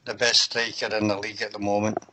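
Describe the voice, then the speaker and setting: A man's voice: lowish voice, little pitch movement, fast, sharp tone, slight background noise, low-quality recording. A man on a fan radio panel, giving short, offhand answers. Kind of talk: casual chat.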